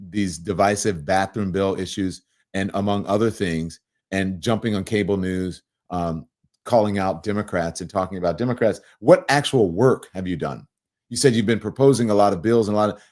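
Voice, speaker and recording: Animated man hosting a political talk show. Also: deep voice. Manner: animated, laughing, conversational, reads viewer comments aloud. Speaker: host. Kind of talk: political commentary livestream.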